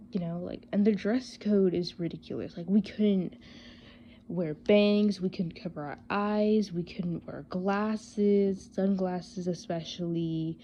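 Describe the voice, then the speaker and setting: A woman's voice: fairly low pitch, dark tone, highs cut off, a little hiss or hum. A woman telling a casual storytime vlog, rambling and exasperated, full of fillers. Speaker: vlogger.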